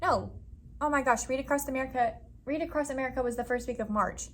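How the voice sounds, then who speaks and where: A woman's voice: high voice, quick pace, slight background noise. A young woman from Florida, a first grade teacher, chatting casually to camera in her classroom, laughing easily and saying "y'all" and "like" a lot. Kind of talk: casual vlog chat. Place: classroom, indoors.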